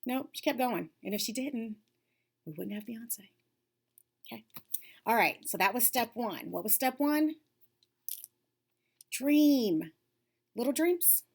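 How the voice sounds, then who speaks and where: A woman with a slightly high, husky, animated voice speaks slowly, with long pauses. As lead facilitator of a self-esteem class for girls, she coaches them in an upbeat, encouraging way, dropping to a whisper for emphasis.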